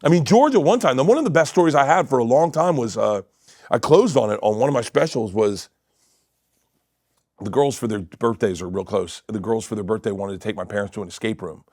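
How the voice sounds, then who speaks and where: A middle-aged man, a comedian guest, telling animated family stories in casual chat and acting out quotes with cursing. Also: medium pitch, fairly quick, no room sound, studio quality. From Florida.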